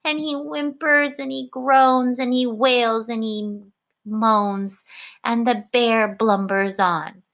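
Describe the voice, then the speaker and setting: A young adult woman teacher reading a picture book aloud to her class, expressive, with gasps and questions to the children. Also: fairly high pitch, takes it slowly. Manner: expressive, gasping, asks questions.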